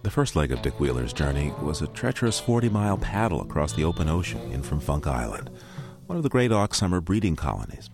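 A male radio host reading a scripted narration with a deep voice that swings widely in pitch. His delivery is smooth and measured. Faint music plays behind him. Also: big pitch swings.

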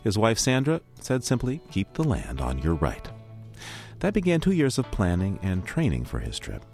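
A male radio host reading scripted narration in a smooth, measured way. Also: fairly low pitch, wildly swooping pitch, a little mellow, faint music behind.

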